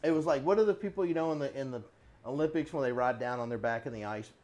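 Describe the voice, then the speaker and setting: A man's voice: medium pitch, quick pace, a little mellow. A middle-aged man hosting a casual workshop chat, telling long rambling stories and chuckling often. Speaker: host.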